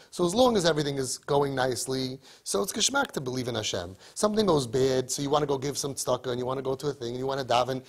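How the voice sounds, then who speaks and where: A man's voice: mid-range voice, breathy edge. A man giving a storytelling sermon, emphatic and full of rhetorical questions. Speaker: religious speaker.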